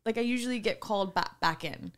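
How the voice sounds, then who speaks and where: A woman co-hosting a podcast who tells a story in an animated, giggly way and swears casually. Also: mid-range voice, fast talker, a little hiss or hum. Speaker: podcast co-host.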